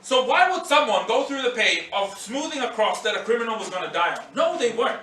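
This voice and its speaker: A man's voice: very high-pitched, brisk, slight background noise. A man preaching a sermon in a church hall, acting out scenes as he speaks. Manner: animated, acts out scenes and voices. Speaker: pastor. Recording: echoey hall, mic at a distance.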